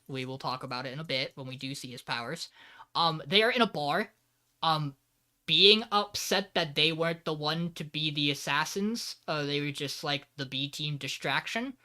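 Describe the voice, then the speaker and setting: A man co-hosting a podcast, recapping an anime episode in casual chat and acting out the characters' lines as he goes. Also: on the high side. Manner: animated, acts out character lines while recapping. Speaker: podcast co-host.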